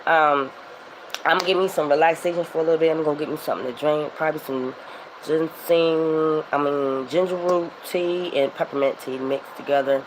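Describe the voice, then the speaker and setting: A woman's voice: sits low, fairly even intonation, fairly quick. Philly woman doing a spiritual vlog rant, swears a lot, rambles, bit of faint noise behind. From Philadelphia. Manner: emphatic, rambling, swears freely. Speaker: tarot reader.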